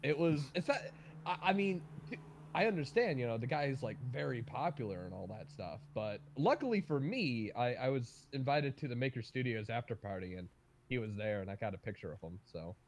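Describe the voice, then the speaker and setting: Animated man telling wild stories. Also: mid-range voice, a little fast, slight background noise. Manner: animated storyteller, bursts of laughter and loud emphasis. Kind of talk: casual livestream chat.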